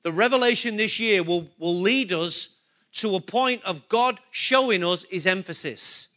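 A man's voice: sits high, expressive, measured pace, pushed and bright. A male pastor preaching a sermon, emphatic and full of rhetorical questions to his congregation.

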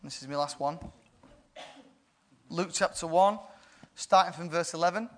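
A man preaching a sermon in a playful way, often laughing and building to loud bursts. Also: fairly high pitch, measured pace.

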